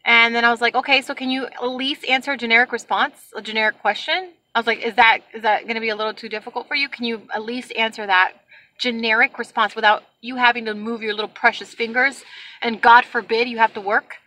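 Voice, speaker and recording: A woman vlogger telling a story to the camera from her car, animated and exasperated as she acts out the people she talks about. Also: on the high side, fast talker. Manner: animated, exasperated retelling with acted-out quotes.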